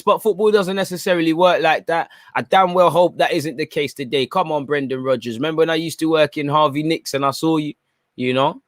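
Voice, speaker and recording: A man's voice: a little high, fairly even intonation, fairly quick, no echo, studio quality. A young man giving chatty live commentary during a football watchalong stream and reacting to viewer comments.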